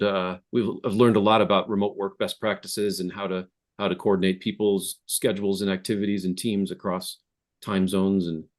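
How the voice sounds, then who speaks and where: Low-voiced man, halting interview guest. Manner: hesitant, many restarts and fillers. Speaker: app founder guest. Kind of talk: casual interview conversation. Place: home office.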